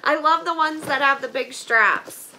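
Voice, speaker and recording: A woman's voice: high voice, a little slow, sharp tone, slight background noise. A woman vlogger chatting casually to her viewers while opening donations, gushing with thanks and saying "like" and "oh my gosh" a lot. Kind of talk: casual live chat to viewers.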